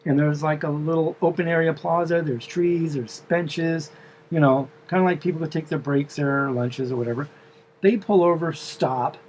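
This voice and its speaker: A man's voice: fairly high pitch, fairly even intonation, normal speed, darkish tone, a little hiss or hum, poor audio. A man telling the story of a dream in a casual, meandering way, full of fillers and asides.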